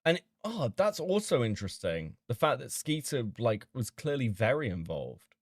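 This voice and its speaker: A man streaming casually as he reads out chat logs and reacts with sudden loud disbelief and swearing. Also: medium pitch, sing-song, moderate pace, no room sound, studio quality.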